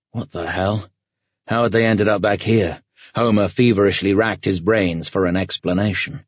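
A man narrating an audiobook in a measured, grave storytelling manner. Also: low voice, husky, no echo, muffled recording. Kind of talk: scripted narration.

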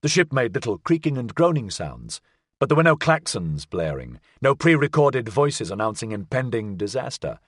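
A man reading a science fiction audiobook as narrator, with a measured, expressive delivery. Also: mid-range voice, dry recording, studio quality. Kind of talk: scripted narration.

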